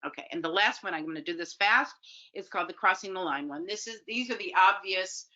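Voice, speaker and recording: A woman giving an informal talk to parents, lively, acting out lines and often checking in with "okay?". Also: mid-range voice, fairly quick. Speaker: parenting educator. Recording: dull lo-fi audio.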